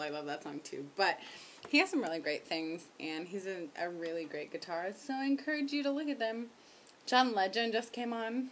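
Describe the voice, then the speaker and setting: A woman's voice: a little high, slight background noise. Rambling young woman vlogging at home. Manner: rambling, self-mocking, talks loud over headphones. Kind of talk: casual chat. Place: home, indoors.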